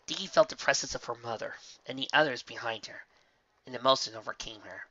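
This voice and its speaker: A man narrating a fan fiction audiobook with expressive storytelling. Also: mid-range voice, brisk, muffled recording. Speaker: reader.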